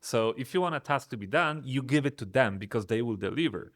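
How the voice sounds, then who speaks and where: A man from Poland, a software company founder, talking through business lessons in a thoughtful, hesitant way, often restarting his sentences. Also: mid-range voice, expressive, brisk, no room sound, studio quality. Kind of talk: casual business chat.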